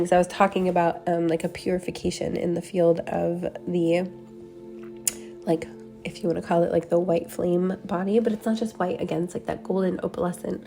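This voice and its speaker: A woman's voice: fairly low pitch, mellow. A woman giving a meditative spiritual transmission, talking in a dreamy, meandering way full of "like" and "um". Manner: dreamy, meandering, many "like" and "um" fillers. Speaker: spiritual channeler. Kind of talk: meditative energy transmission talk.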